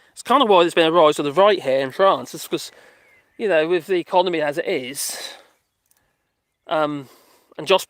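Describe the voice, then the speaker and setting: A man's voice: on the high side, fairly bright tone, dry recording. A man chatting casually and rambling through a live stream on a dog walk, reading out viewer comments and talking to his dogs. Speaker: vlogger reading live chat.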